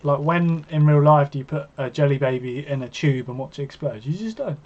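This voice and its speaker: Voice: mid-range voice, flat delivery, fairly quick. A co-host on a live watch-along, chatting casually with dry, joking asides. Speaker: co-host and darts pundit. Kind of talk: casual chat. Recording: slightly muffled stream audio.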